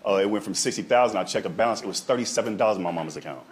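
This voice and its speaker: A young man, a comedian, telling a long story in casual chat, animated and peppered with "right?" and "dog". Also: on the low side, rapid-fire, crowd noise. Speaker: stand-up comedian.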